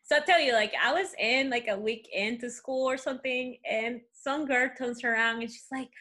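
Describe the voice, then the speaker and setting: A woman from Peru, a native Spanish speaker, tells stories about her life as an interview guest. Her voice sits a bit high and sounds bright and sharp. She talks in an animated way and leans on "you know, like" again and again. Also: moderate pace, hardly any pauses. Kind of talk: casual conversational storytelling.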